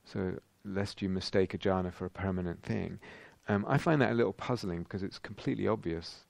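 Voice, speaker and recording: A man giving a thoughtful dharma talk as a meditation teacher at a retreat, pausing and restarting as he searches for words. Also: deep voice, gravelly, darkish tone, no echo. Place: retreat centre meditation hall.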